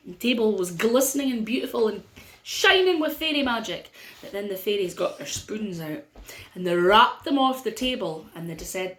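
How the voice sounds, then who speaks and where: Playful Scottish storyteller woman, lively pitch. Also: roomy sound. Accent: Scottish (North-East). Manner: playful, drawn-out dramatic pauses. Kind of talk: storytelling for children.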